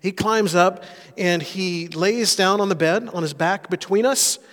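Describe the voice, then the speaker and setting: A middle-aged pastor preaching a sermon, telling a personal story in an earnest way. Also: male voice, high voice, a little slow. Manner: earnest storytelling, rising and softening for emphasis. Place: church sanctuary. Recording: reverberant church hall.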